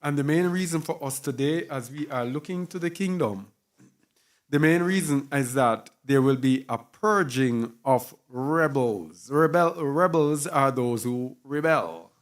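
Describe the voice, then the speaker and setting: A man's voice: medium pitch, a little slow. A man teaching a sermon with emphasis, repeating key words and spelling some out letter by letter. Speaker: Bible teacher.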